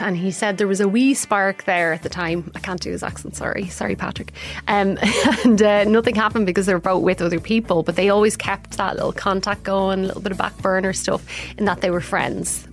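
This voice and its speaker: An Irish woman, a journalist guest, chatting animatedly and telling showbiz stories. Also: medium pitch. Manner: animated, gossipy. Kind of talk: chatty storytelling.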